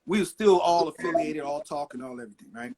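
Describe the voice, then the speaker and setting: A man's voice: fairly high pitch, quick pace, over a noisy crowd. A middle-aged man, a record producer, telling stories in a casual interview and acting out the people he quotes. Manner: animated storyteller acting out quotes.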